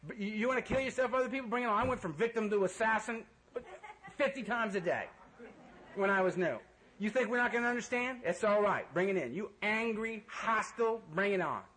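High-voiced guy sharing his story at a meeting, blunt and jokey, cusses casually. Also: fairly bright tone, rough recording. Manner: blunt, joking, earnest, casual swearing. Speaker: speaker at a recovery meeting. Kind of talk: personal testimony talk. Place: meeting room full of people.

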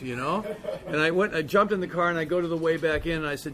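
A man's voice: on the high side, fast talker, hardly any pauses, bright, forceful tone, a little hiss or hum. A man candidly telling a recovery story in a casual, profane way, peppered with "man" and "you know". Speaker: speaker sharing his recovery story.

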